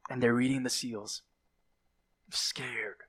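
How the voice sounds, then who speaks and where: Slow-speaking male preacher delivering a sermon. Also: mid-range voice, steady tone, a bit bright, husky. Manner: dramatic, dropping to whispers for voiced quotes; fillers and self-corrections.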